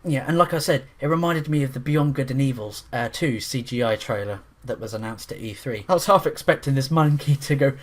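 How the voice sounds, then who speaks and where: A man reviewing a film in a casual, rambling monologue, restarting his sentences often and getting excited about the scenes he describes. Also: mid-range voice. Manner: rambling, with frequent restarts and fillers; enthusiastic, breaks into quick voices.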